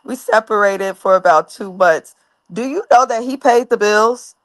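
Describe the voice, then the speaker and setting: A woman's voice: medium pitch, normal speed. A married woman co-hosting a casual TV recap, speaking bluntly and frankly. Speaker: recap show co-host.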